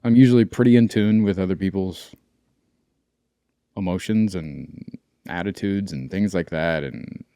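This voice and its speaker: A man's voice: deep voice, unhurried, pauses often, mellow, clear, resonant tone, no room sound, studio quality. A man co-hosting a podcast, speaking earnestly and reflectively, often hesitating and restarting his sentences. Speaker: podcast co-host. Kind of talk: casual chat.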